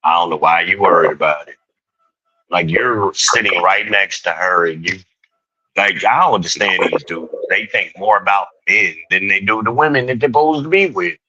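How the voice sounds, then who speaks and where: Bright-voiced man in a casual chat. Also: sits low, moderate pace, breathy edge, no room sound, muffled recording. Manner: loose, profane, laughs often. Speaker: podcast host.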